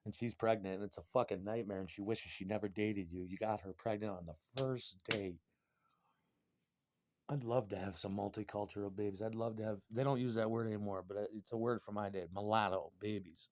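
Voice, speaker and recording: A man's voice: on the low side, steady tone, fairly quick, darkish tone. A middle-aged man delivering a crude, profane, rambling monologue.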